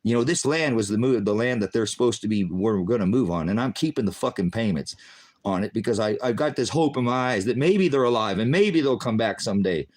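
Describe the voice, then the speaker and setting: Older man, low voice, bitter profane vlog rant, tired and worn down. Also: animated, brisk. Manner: profane, bitter, swinging between shouting and muttering. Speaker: vlogger. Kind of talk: angry personal rant.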